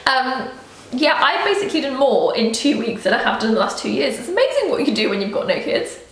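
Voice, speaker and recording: A woman co-hosting a podcast, trading quick-witted teasing in casual chat. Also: sits high, big pitch swings, roomy sound. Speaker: podcast co-host.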